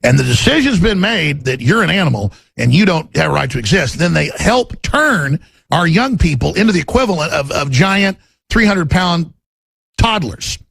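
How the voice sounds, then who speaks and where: Talk radio host, man, middle-aged; husky rasp, fairly high-pitched, fierce rant. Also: very animated, moderate pace, a bit bright. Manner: intense, ranting, swings to menacing low growls in acted quotes. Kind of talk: political talk radio monologue.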